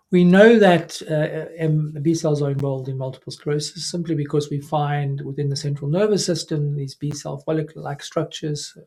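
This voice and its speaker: Lecturing neurologist, mellow male voice. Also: on the high side. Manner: measured, with frequent fillers and self-corrections. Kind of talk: recorded scientific lecture. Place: remote recording away from the audience.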